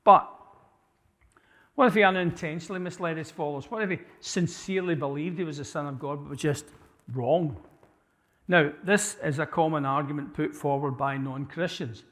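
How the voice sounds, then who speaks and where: A man's voice: fairly high pitch, steady tone, moderate pace, fairly bright tone. A man giving an apologetics talk to a church audience, conversational, putting questions to the listeners and restarting his sentences often. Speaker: church speaker. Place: church hall. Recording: live church hall with long reverb.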